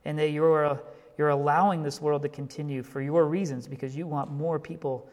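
Male pastor, sermon, slightly high voice, storytelling with rising passion, long church reverb. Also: flat delivery, normal speed, a little mellow. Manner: storytelling, building to impassioned emphasis.

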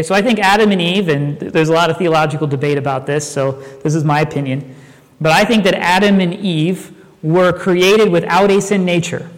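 A man preaching a sermon, talking conversationally and telling stories with animated asides. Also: sits high, big-room sound. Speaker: pastor.

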